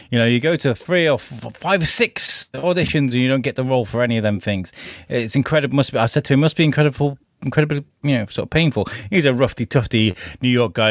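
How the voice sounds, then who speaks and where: A male host asks his guest questions in a loose, rambling manner, full of fillers. His voice is mid-pitched and recorded dry and close, with no room echo. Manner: chatty, rambling, with many fillers. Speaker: podcast host. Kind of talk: casual interview questions.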